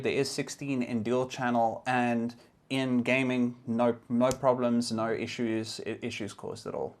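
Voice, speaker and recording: A young man giving a casual, explanatory tech review, occasionally restarting his sentences. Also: medium pitch.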